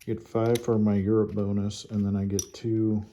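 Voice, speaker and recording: A man playing a board game at home, calmly talking through his turn and counting his units and money aloud. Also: on the low side, moderate pace, slight background noise. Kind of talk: casual solo board game playthrough.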